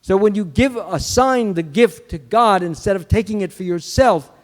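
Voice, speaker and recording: A man giving a Sunday temple sermon, telling a story, acting out the quoted lines and restarting words as he goes. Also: high voice. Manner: acts out quotes, restarts words, lists qualities slowly. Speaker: Hare Krishna swami giving a Sunday lecture. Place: temple hall. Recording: long hall reverb.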